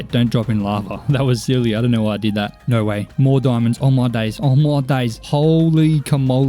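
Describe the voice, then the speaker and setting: A young man with an Australian accent calls out his gameplay as he plays, excitable and full of exclamations. His voice is mellow, with an even middle pitch. Faint music plays under him. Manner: excitable, exclaiming and talking to viewers. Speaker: gaming YouTuber. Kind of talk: live gameplay commentary.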